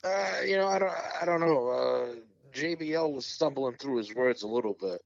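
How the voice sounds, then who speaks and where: A man's voice: medium pitch, lively intonation, moderate pace, gravelly. Laid-back man, dull lo-fi sound. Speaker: podcast co-host. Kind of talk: casual chat.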